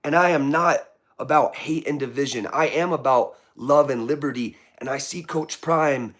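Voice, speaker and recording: A man's voice: medium pitch, moderate pace, fairly bright tone. A man hosting a live political vlog, reading viewer comments aloud and answering them with impassioned, preachy commentary. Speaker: political vlogger.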